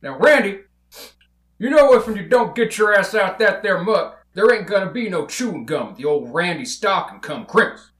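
A man playing a gruff drawling rancher. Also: sits high, animated, moderate pace, fairly bright tone, echoey room. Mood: scolding. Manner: rough drawling scolding. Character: gruff bossy male rancher, impatient and cussing. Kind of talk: comedy table read.

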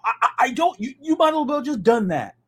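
A man from the American South co-hosting a podcast, talking in an animated, ranting way and stumbling over repeated words when excited. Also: very high-pitched, fairly quick, breathy edge. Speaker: podcast co-host. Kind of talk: casual sports chat.

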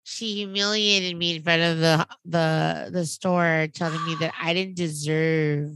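A woman in her thirties tells an animated story on a casual podcast, acting out the people in it. Her voice is bright and pointed, set a little low, and sits close and dry on the mic. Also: unhurried, smooth, no echo. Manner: animated storytelling, quoting others. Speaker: podcast co-host. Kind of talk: casual chat.

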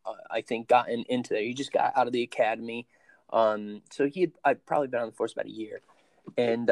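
A young man in his twenties telling the story of his accident in an interview, halting and full of fillers and restarts. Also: medium pitch, a little mellow, dry recording. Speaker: interview guest.

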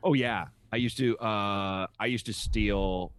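A man's voice: lowish voice, fairly even intonation, slow pace, a bit bright, smooth, dry recording. A young man chatting casually as a podcast guest, rambling with lots of filler words and acting out quoted people. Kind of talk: casual chat.

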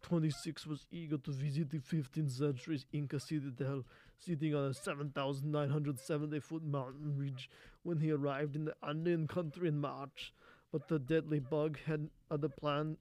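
A man putting on the voice of a gruff male action star, reading a news story in a stiff, halting way. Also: fairly high pitch, flat delivery, darkish tone, natural voice. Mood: mock-serious. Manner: stiff, halting, stumbles over words.

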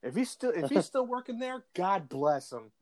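A man's voice: sits high, very animated, normal speed, darkish tone. A man chatting casually on a podcast, rambling with lots of fillers and restarts and slipping into voices. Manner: does voices and impressions. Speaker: podcast co-host. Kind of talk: casual chat.

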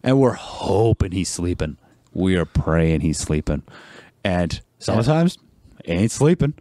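A young man telling animated stories as a podcast guest, swearing freely and laughing often. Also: sits low, measured pace, no room sound, studio quality. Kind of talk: casual podcast chat.

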